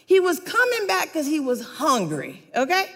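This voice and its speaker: A woman preaching a sermon, reading a Bible story aloud and retelling it with animated storytelling, prompting her listeners to repeat words back. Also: sits high, normal speed, long reverb tail.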